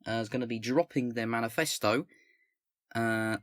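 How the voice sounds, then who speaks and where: A man's voice: mid-range voice, no echo. Rambling English man, dry close mic. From England, not the North. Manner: rambling, halting, many fillers and restarts. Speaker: political commentary host. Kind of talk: casual commentary with manifesto reading. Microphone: own microphone, close.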